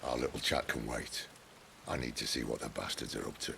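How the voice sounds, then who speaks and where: An actor playing a gruff, wry middle-aged rebel leader with a Northern English accent, speaking in a dry, commanding way. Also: male voice, a bass voice, fairly even intonation, a little fast, pushed and bright, full character voice. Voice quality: gravelly. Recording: game audio with rain noise.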